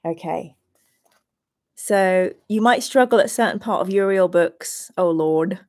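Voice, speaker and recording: A woman in her forties hosts a live-streamed play-through of a fantasy gamebook. She reads the passages aloud and chats with her viewers between them, in a chatty, animated way. Her voice sits in a middle pitch. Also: a little slow. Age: 40s. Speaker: host reading a gamebook to a live chat.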